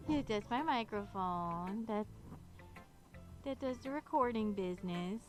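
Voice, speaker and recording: A woman's voice: mid-range voice, lively intonation, a little slow, music in the background. A woman hosting a gaming channel, chatting playfully and offhand between reading game dialogue. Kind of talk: casual gameplay commentary.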